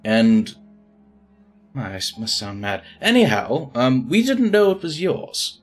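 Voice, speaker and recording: A man's voice: medium pitch, big pitch swings, slow pace, faint music behind, pitched above the performer's own voice. A man voicing a reluctant male rogue from a thieves' guild, who rambles with hesitant politeness. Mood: flustered.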